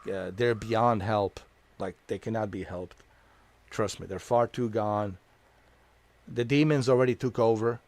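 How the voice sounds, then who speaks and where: A man's voice: fairly low pitch, a little mellow. A man giving crude, mocking commentary while playing a video game. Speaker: gameplay streamer. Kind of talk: profane casual commentary.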